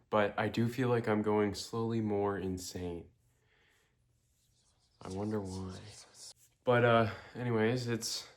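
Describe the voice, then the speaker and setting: Slow-talking sleepy young man. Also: lowish voice. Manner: jokey, rambling, drowsy asides. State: sleepy, worn out. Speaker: vlogger. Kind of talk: casual to-camera commentary. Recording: music playing loud behind.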